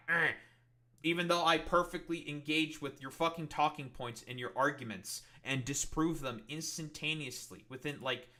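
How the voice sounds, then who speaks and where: A man's voice: fairly high pitch, pushed and bright. A male streamer ranting at his chat in a profane, sarcastic, exasperated way. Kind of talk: heated livestream rant at chat.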